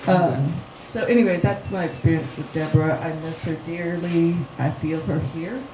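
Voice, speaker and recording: A woman sharing a heartfelt personal memory at a memorial, speaking slowly and haltingly with fillers. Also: lowish voice, fairly even intonation. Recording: echoey room with background noise.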